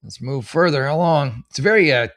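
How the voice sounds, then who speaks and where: A man's voice: on the high side, lively intonation, fairly quick, a bit bright. A man in his forties hosting a comedy advice show, reading posts aloud and reacting with sarcastic, rambling, exasperated commentary. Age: 40s.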